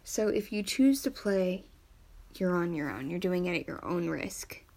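A woman's voice: fairly low pitch, lively intonation, measured pace, gravelly, a little mellow. A young woman hosting her first podcast, sounding a bit nervous and earnest. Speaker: podcast host. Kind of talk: casual solo podcast intro.

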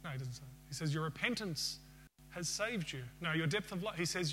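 A man's voice: a little high, animated, fairly quick, fairly bright tone, slight background noise. A man preaching a sermon to a congregation, asking them questions and ending with a prayer. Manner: asks the congregation questions and leads a closing prayer.

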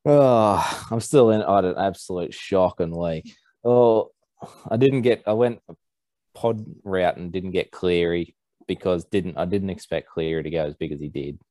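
A man's voice: low-pitched, moderate pace, warm tone, no echo. A man with a New Zealand accent, chatting and joking about himself as a guest on a sports podcast. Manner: chatty, self-mocking. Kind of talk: casual sports podcast chat.

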